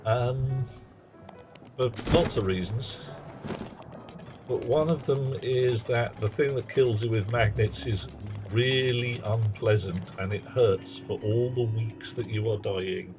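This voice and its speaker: A man's voice: mid-range voice, slow. A man streaming a game live, rambling through wry, chatty asides to his viewers. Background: game music.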